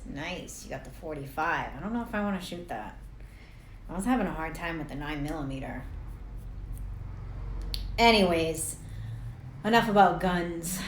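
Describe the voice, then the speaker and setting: A woman's voice: lowish voice, a little hiss or hum. A young woman coaching to camera, chatty and blunt, swearing freely and laughing at herself. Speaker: life coach. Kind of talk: casual talk to camera. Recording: roomy echo.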